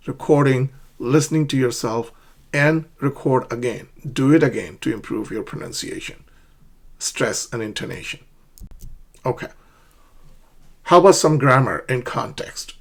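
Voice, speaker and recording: Male English teacher, mid-pitched voice, patient pronunciation drills. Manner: slow, drilling pronunciation, repeats words. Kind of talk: ESL lesson, reading dialogues aloud.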